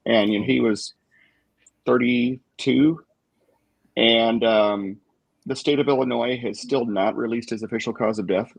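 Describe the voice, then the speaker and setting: A man talking in a relaxed group chat, thoughtful and halting, with lots of fillers. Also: mid-range voice, creaky, breathy edge, no echo.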